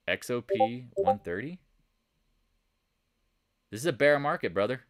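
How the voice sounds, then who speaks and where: Animated man hosting a live market chat. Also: mid-range voice, a little slow, long pauses. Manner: animated, rhetorical questions, coaching tone. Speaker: trading channel host.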